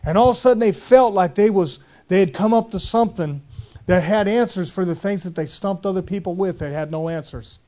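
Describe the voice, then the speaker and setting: Man, preacher, folksy rambling sermon, mellow, slightly high voice. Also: fairly quick. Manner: folksy, rambling storytelling with dialect grammar.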